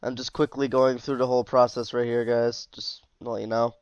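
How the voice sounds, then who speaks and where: A man's voice: mid-range voice, little pitch movement, fairly quick, smooth, dry recording, muffled recording. A man casually commenting as he shows off a game mod, easygoing and chatty, sounding tired. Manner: chatty, easygoing, with asides and trailing off. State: tired, yawning. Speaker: mod reviewer.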